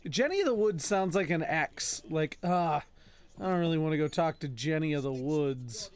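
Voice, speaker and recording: A man's voice: fairly high pitch, normal speed, smooth. A man streaming a game, reading in-game notices aloud, stumbling over odd names and tossing in joking asides. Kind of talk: casual gameplay commentary.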